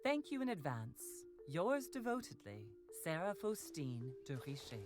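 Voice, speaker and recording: A woman's voice: sits low, very animated, a little slow, music in the background. An actress playing a noblewoman who reads out a formal, gracious letter to her son.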